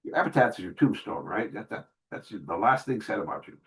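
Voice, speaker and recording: A man's voice: lowish voice, expressive, brisk, low-quality recording. A middle-aged man hosting a casual livestream Q&A, reading viewer messages aloud and answering candidly in street slang. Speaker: livestream host reading super chats.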